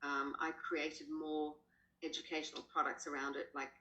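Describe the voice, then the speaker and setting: A woman with an Australian accent, a horse trainer, telling stories animatedly as a podcast guest. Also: normal speed. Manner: animated, jumps up in pitch when quoting. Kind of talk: casual storytelling in a podcast. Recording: roomy echo.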